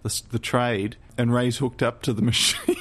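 A man's voice: mid-range voice, steady tone, moderate pace. A man co-hosting a podcast, improvising comedy bits with lots of laughter. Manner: playful, laughing, bursts of loud shouting. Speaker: podcast co-host.

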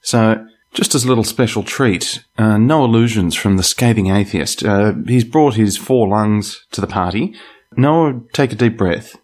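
A man hosting a podcast, speaking slowly and in a measured way. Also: fairly low pitch, a little mellow. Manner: slow, measured speech. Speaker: podcast host. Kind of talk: casual interview.

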